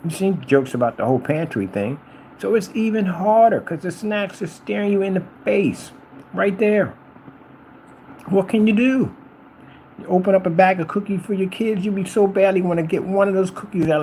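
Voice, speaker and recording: A man's voice: high-pitched, moderate pace, warm tone, slight background noise, low-quality recording. A middle-aged man ranting to camera as a vlogger, rambling and repeating himself while addressing a rival directly.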